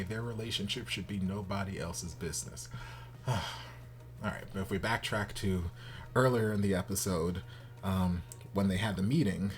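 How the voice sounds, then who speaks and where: A man hosting a reaction video in casual commentary, animated and exasperated, jumping from loud outbursts to low muttering. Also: moderate pace, soft background music.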